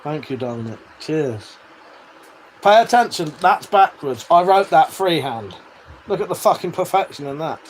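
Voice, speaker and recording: A British livestream host from the United Kingdom, his voice a little high and animated, chats at normal speed while reading and answering viewer comments. He's casual, swears freely, and laughs often. A faint fan hums in the background.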